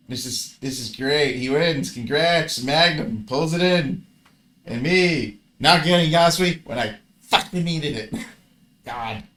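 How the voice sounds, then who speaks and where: A man's voice: mid-range voice, a bit bright. A man casually commentating his own card game match, grumbling and swearing at his bad luck.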